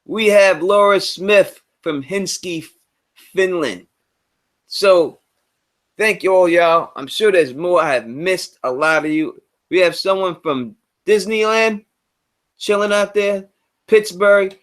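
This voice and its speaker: A man hosting a casual live stream, talking loosely in slang and repeating himself, his voice swinging between loud and quiet. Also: high-pitched, slow pace. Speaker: livestream host.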